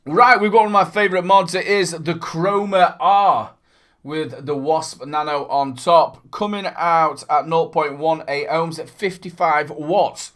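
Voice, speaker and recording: A man's voice: fairly high pitch, unhurried, fairly bright tone. A man hosting a casual review vlog. He talks in a chatty, upbeat, rambling way and adds playful asides. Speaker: vape reviewer and channel host.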